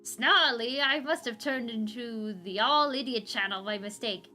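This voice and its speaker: A woman's voice: on the high side, a little slow, bright, forceful tone, soft background music. A woman voicing a scheming, gloating male villain while reading a comic aloud. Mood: sneering. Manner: gloating, sneering delivery. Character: scheming villainous male robot-maker Scrooge. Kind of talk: comic read aloud with voices.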